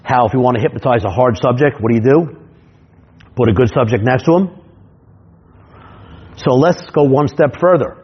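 A man who works as a stage hypnotist, teaching his technique through comic stories in an animated way, repeating himself and restarting his sentences. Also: medium pitch, muffled recording, a little hiss or hum. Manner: animated, repetitive, quick restarts.

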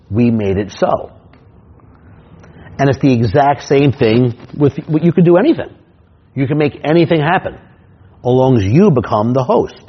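A man who works as a stage hypnotist teaches his craft and tells comic stories from the stage, animated and full of quick restarts. His voice is somewhat husky at a middle pitch. The recording is dull and lo-fi.

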